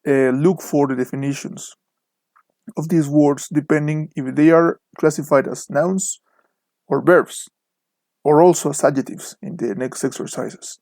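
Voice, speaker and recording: A young man, a native Spanish speaker with a Mexican accent, narrates an online English lesson over slides, carefully modeling stress in word pairs. His voice is a little high, darkish, and steady, a little slow, with no echo.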